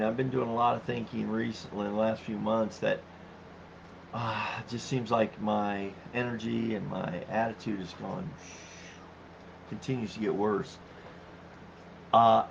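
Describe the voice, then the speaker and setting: Gravelly middle-aged guy chatting on his live stream, laughs a lot, kinda dull lo-fi sound w/ faint hiss. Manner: chatty, laughs easily, reads comments aloud. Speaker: livestream host reading chat. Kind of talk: casual live-stream chat. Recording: dull low-fi stream audio with faint noise.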